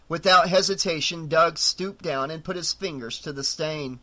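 Bright-voiced man narrating horror. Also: on the high side, moderate pace. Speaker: audiobook narrator.

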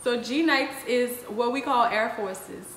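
Young New Orleans woman, higher voice, casual slang chat, echoey room, faint hiss. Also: measured pace, a bit bright. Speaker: co-host.

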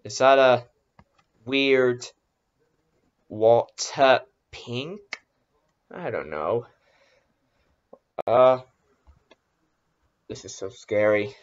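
A man's voice: medium pitch, animated, very slow, pauses often. A man hosting a casual reaction video, easily startled and exclaiming, talking himself into being brave. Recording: dull lo-fi recording.

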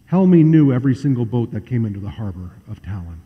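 A male pastor telling a story in a sermon, acting out the voices of its people with shifting loudness and pace. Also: medium pitch, big pitch swings, fast, husky. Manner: acts out quoted voices, varies loudness and pace freely. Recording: muffled hall recording with long reverb.

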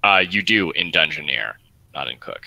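Low, bright-voiced game master. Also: male voice, expressive, normal speed, creaky, slight background noise, rough recording. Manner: hesitant, many fillers. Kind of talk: narrating a tabletop game.

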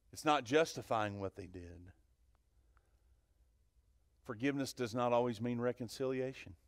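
Animated male pastor preaching, dry sound. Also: medium pitch, no room sound. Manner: animated, swings between loud and hushed; asks the congregation questions. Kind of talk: sermon. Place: church sanctuary.

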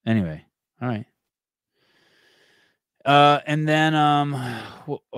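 A man's voice: fairly high pitch, slow, a bit bright, clear, resonant tone, no room sound, studio quality. A man hosting a podcast in casual chat, rambling and swearing often, with many restarts. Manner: rambling and profane, with frequent restarts. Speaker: podcast host.

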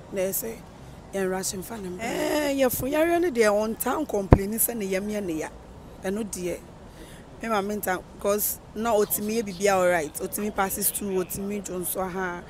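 Soft-spoken speaker on a noisy street. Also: medium pitch. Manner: halting, soft-spoken, mixing in English terms. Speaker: family member of the deceased, interviewee. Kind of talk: recounting events to a reporter. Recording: outdoor street noise with passing vehicles.

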